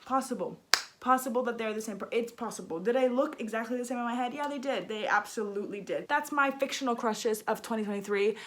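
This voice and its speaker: A woman's voice: fairly high pitch, fast talker, few pauses, a little hiss or hum. A young woman vlogging about books in a casual, gushing, self-mocking way. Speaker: book vlogger. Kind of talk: casual chat.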